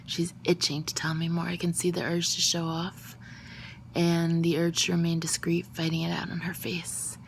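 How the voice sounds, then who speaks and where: A woman reading a first-person novel aloud into a phone, her narration soft and often half-whispered. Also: on the low side, completely flat delivery, moderate pace, gravelly, slight background noise. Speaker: audiobook reader.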